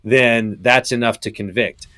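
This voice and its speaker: Man guest, pastor type, measured and thoughtful, dry close sound. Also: mid-range voice, fairly even intonation, bright, forceful tone, dry recording. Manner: thoughtful, explains in steps with many ums. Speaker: pastor and professor, podcast guest. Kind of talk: casual podcast conversation.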